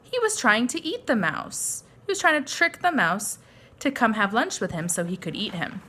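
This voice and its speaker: A teacher reading a picture book aloud to young children and asking them questions. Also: female voice, on the high side, sing-song, moderate pace, bright, forceful tone, slight background noise. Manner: friendly questions to young listeners. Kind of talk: children's story read-aloud lesson.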